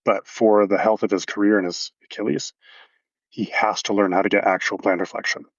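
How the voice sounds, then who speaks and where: A man's voice: fairly low pitch, steady tone, brisk, no room sound, muffled recording. A man coaching athletes, explaining movement casually in a podcast interview with anatomical detail and frequent fillers.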